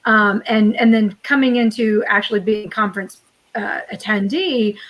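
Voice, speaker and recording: A woman's voice: mid-range voice, normal speed, a bit bright, poor audio. A woman from Texas, a guest on a live conference interview over a video call, upbeat and talking with frequent "you know" fillers. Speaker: conference guest, regional association president.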